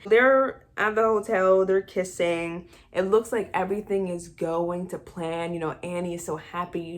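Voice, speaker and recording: A woman casually retelling a film plot with animated, exasperated asides. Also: on the low side, unhurried. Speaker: movie recap vlogger. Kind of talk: casual movie recap.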